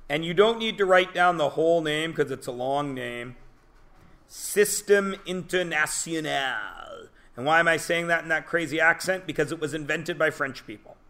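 A man's voice: fairly high pitch, a bit bright. A male teacher giving a joking, self-deprecating classroom lecture to his students.

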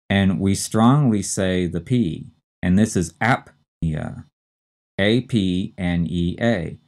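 A man teaching a recorded medical terminology lecture, speaking slowly and carefully and spelling out terms letter by letter. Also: low-pitched, a little mellow. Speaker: instructor.

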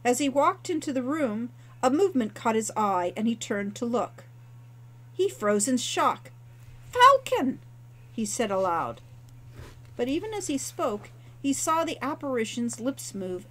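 A woman author narrating her own novel in a measured, expressive storytelling manner. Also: on the high side, rough recording. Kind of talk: audiobook narration.

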